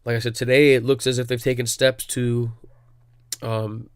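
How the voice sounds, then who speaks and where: A young man hosts a solo podcast in a loose, rambling way, stumbling through restarts and fillers and swearing freely. His voice sits at a middle pitch. The sound is dry and close, with no room around it. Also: flat delivery, normal speed, clear, resonant tone, dry recording. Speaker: podcast host. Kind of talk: casual solo podcast commentary.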